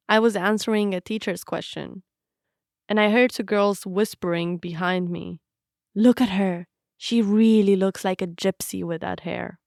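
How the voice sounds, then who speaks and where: A young woman from Romania, a native Romanian speaker, giving a reflective, measured scripted narration of her own story. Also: medium pitch, clear, resonant tone, no echo, clean studio sound.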